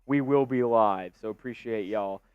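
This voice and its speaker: A man hosting a live sports stream, calling play-by-play and getting excitable on big plays. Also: fairly low pitch, normal speed, clear, resonant tone, no room sound, lo-fi sound.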